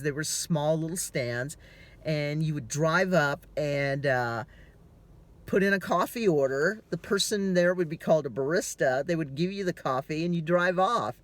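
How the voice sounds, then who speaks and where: A middle-aged man with a somewhat high voice talks to the camera from his car. He sounds worn out, drifts from story to story, swears often and laughs easily. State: tired. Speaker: vlogger. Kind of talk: casual chatty storytelling.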